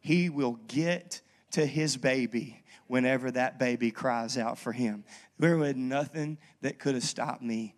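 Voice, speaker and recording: A man preaching a sermon as pastor, talking in a casual, lively storytelling way and checking in with the congregation. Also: medium pitch, a little slow. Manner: conversational, lively storytelling with frequent "okay?" asides. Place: church.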